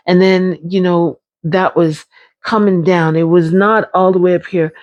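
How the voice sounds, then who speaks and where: A woman's voice: fairly low pitch, steady tone, a little slow. A woman, talking candidly and emphatically in a personal vlog, repeating phrases as she goes. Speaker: brain injury survivor sharing her experience.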